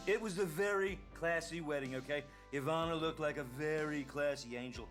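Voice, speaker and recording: A pompous, boastful tycoon, voiced by a man narrates in a raised voice. Clear music plays under him. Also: on the high side, fairly quick, fairly bright tone, natural voice. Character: boastful male tycoon narrating his own story. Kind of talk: comic narration.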